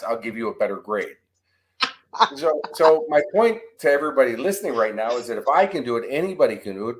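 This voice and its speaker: A man on a podcast as a guest coach and author, telling lively stories and acting out the exchanges he quotes. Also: mid-range voice, low-quality recording. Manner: animated storyteller, acts out quoted exchanges. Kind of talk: storytelling podcast interview. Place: abroad in Australia, remote interview.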